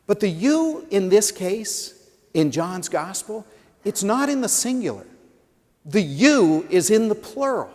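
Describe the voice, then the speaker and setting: A man preaching a sermon, telling stories and swinging from loud emphasis to hushed lines. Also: high voice, lively intonation, measured pace. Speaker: pastor. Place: large stone church sanctuary. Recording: long church reverb.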